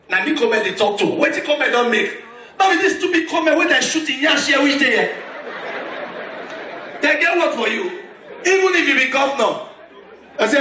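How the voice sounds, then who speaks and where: Nigerian male stand-up comic, high and forceful, live in a large echoey venue. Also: fairly quick, long pauses, recorded from a distance. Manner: loud, animated storytelling with sudden shifts in pitch. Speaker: stand-up comedian. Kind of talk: stand-up comedy in Nigerian Pidgin. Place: large concert hall with live audience. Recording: echoey hall, mic off a bit, crowd noise.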